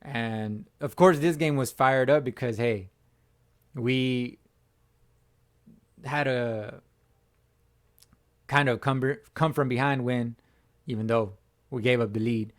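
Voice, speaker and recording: A man hosting his own fan channel, hoarse from screaming, giving a slangy sports reaction chat as if talking to a buddy. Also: medium pitch, slow, long pauses. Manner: slangy, talks like chatting with a buddy. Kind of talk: casual sports reaction talk.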